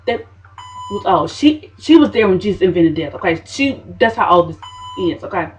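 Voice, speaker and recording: A woman's voice: lowish voice, animated, normal speed, a little hiss or hum, low-quality recording. A woman telling a story to camera in a sassy, dramatic diva manner. She keeps tossing in "okay, honey.". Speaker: vlogger.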